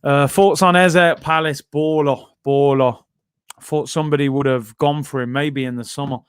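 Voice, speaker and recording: A man's voice: on the high side, steady tone, moderate pace, clear, resonant tone, no echo, studio quality. A man hosting a football watchalong stream, chatting casually, using slang and reading out viewer comments.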